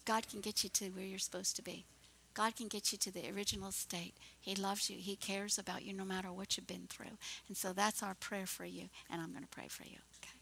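A woman's voice: medium pitch, level tone, a little fast, vocal fry, fairly bright tone, a little hiss or hum. A woman pastor preaching a fervent, encouraging sermon.

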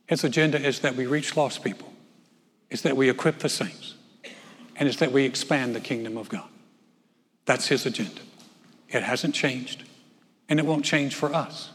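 A man's voice: mid-range voice, in a large hall. A man preaching a sermon as pastor, conversational and folksy, with joking asides. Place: church sanctuary.

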